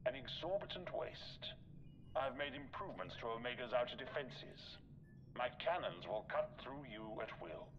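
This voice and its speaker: A man's voice: mid-range voice, expressive, moderate pace, a bit bright, muffled recording, slight background noise, lightly acted. An actor playing a smug, menacing male villain commander in a video game, taunting and cool.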